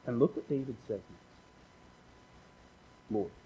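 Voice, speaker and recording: A man's voice: medium pitch, unhurried, warm tone, slight background noise, poor audio. A man preaching a casual, conversational sermon as a pastor, repeating phrases for emphasis and dropping joking asides.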